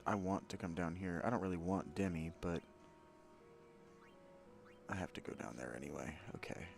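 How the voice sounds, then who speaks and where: A man with a fairly low voice talks through a game as its host, candid and opinionated. He drifts into rambling asides aimed at his viewers between moments of play. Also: moderate pace, creaky, faint music behind. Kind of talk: gameplay commentary.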